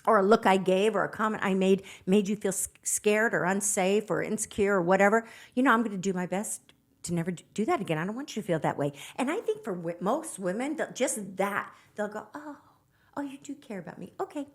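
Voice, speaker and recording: A woman's voice: medium pitch, fairly quick. A woman relationship coach giving earnest, emphatic advice in a podcast conversation, acting out quoted lines as she goes.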